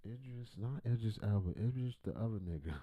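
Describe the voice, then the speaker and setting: A man's voice: lowish voice, animated, a little fast, narrow, tinny audio. A man hosting a livestream, reacting to videos with rambling, profane, joking commentary. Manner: profane, rambling, jokey, loud swings in volume.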